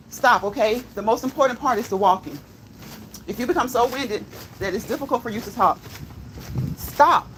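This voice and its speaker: A woman with a fairly high voice hosts a walking vlog, talking casually to her viewers as she goes. She checks in with a steady "okay?" and laughs often. Faint outdoor noise sits behind her voice. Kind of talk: casual chat while walking. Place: outdoors on a walk.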